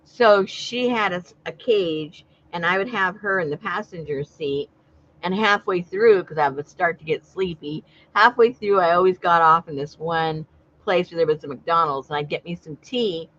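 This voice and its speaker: Chatty woman, low voice, muffled sound. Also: moderate pace, a bit bright, a little hiss or hum. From Southern California. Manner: chatty storyteller who laughs often. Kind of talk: casual chat. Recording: dull lo-fi sound.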